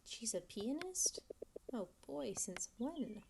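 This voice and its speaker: Woman host, relaxed gameplay commentary, unhurried, game music underneath. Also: fairly high pitch, vocal fry. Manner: mellow, chatty and amused.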